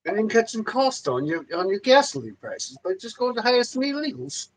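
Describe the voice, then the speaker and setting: A man with a high, sing-song voice speaks briskly while hosting a casual livestream in a low-quality recording. He rants and rambles loosely, swearing heavily and repeating himself often.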